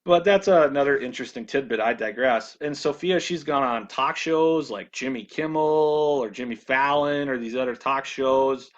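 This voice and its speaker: A man presenting a ministry video in a casual monologue, halting often with restarts and repeated words. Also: medium pitch, lo-fi sound.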